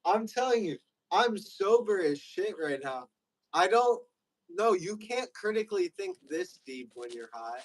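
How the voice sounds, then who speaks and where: A man's voice: high-pitched, very animated, a little slow, low-quality recording. A young man hosting a livestream, rambling loosely in casual chat with lots of fillers. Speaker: livestream host.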